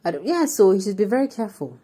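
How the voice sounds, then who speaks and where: A woman's voice: medium pitch, big pitch swings, very fast, mellow. A woman with a Nigerian accent presenting scripted news commentary and reading out viewer comments.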